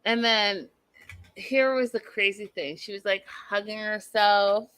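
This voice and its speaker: Chatty animated woman, bright voice. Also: mid-range voice, unhurried, smooth, no room sound. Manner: chatty, animated, lots of "like" and asides. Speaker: host of a live TV recap show. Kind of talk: casual chat, reacting to live chat.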